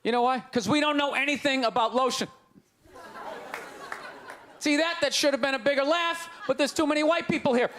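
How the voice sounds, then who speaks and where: A middle-aged man with a Boston accent rants through a stand-up set in a high, pushing voice. He needles the room as he goes. The live club recording carries a loud, laughing audience and steady background noise. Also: brisk, pauses often. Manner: brash, ranting, mocking the crowd. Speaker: stand-up comedian. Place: comedy stage before a live audience. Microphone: handheld stage mic.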